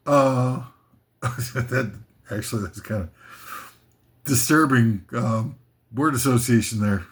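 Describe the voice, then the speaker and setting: Slow, rambling man reading a comic list. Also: medium pitch, fairly bright tone. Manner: rambling, self-mocking, drifts off topic. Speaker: host of a list video.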